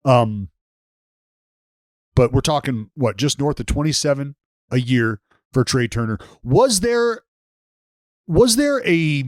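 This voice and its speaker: A man's voice: mid-range voice, animated, slow, long pauses, no room sound. Wisecracking man co-hosting, dry close sound. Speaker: podcast co-host. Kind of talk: casual sports podcast chat.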